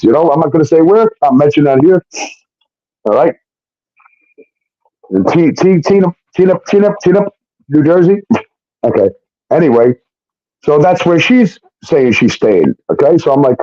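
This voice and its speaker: Animated man, storytelling. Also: a little high, normal speed, pauses often, no echo. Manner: animated, acts out quoted voices, swears often. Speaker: show guest telling his story. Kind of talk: profane storytelling monologue. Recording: dull lo-fi stream audio.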